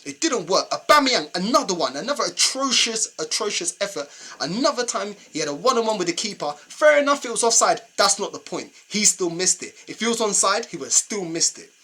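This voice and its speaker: Young man, London accent, husky voice, lively swooping pitch, exasperated fan rant. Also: fairly quick. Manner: exasperated ranting, slangy and repetitive. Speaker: football fan channel host. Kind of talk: fan match reaction rant.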